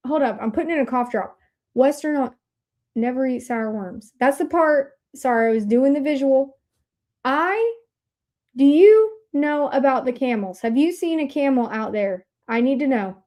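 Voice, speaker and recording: A bubbly, excitable woman hosts a casual livestream, chatting away to her viewers. Her voice sits high and bright. She talks into a desk mic at her computer. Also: normal speed. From Indiana, USA. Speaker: livestream host.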